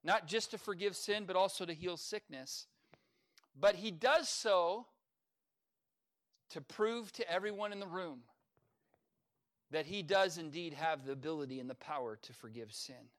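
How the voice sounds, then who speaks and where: A man preaching a sermon as pastor, earnest, with sudden swells in loudness. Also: sits high, a little slow, pauses often. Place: church service.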